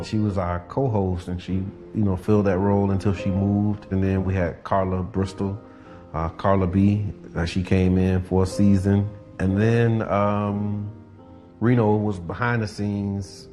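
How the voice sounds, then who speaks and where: A man with a low, deep voice reflects on his radio show in easy interview talk. He fills his sentences with "you know" as he thinks aloud. Quiet music runs beneath him. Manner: thoughtful, many "you know" fillers.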